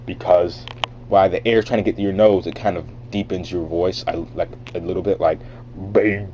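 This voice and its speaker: A man's voice: low voice, fairly even intonation, brisk, warm tone, lo-fi sound, slight background noise. A man casually explaining how to do a voice impression in a rambling, filler-heavy vlog. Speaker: vlogger teaching a voice impression.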